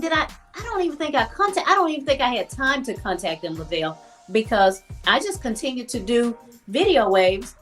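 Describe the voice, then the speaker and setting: A woman guest telling a story in a casual interview, animated and laughing, acting out the voices of people she quotes. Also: on the high side.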